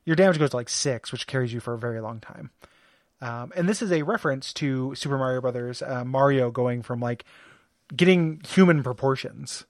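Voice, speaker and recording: A man's voice: medium pitch, fairly quick, dry recording, studio quality. A man co-hosting a casual podcast about a video game, rambling with lots of fillers and restarts and laughing often. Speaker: podcast co-host. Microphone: studio microphone.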